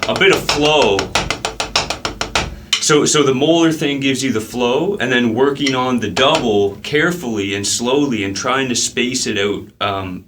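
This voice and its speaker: A man's voice: mid-range voice, noisy background. Casual male drum teacher counting beats. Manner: counts beats aloud while playing, casual with fillers. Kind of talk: relaxed instructional talk.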